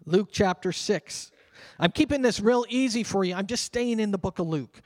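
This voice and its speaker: A man with a notably high voice preaches a sermon in a church sanctuary. His words ring out with a long hall reverb. He talks with earnest fervor and slows down to read scripture aloud. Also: a little mellow. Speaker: pastor.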